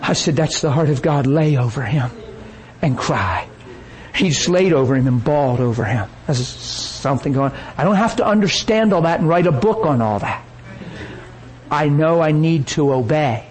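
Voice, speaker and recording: A man preaching a sermon, telling a story with lively energy and acting out the people he quotes. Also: on the high side, normal speed, poor audio.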